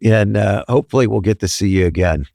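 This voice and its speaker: A man's voice: lowish voice, fast, gravelly, darkish tone, dry recording, clean studio sound. A man hosting a small business podcast, wrapping up in an appreciative, hesitant way. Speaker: podcast host. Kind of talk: casual interview.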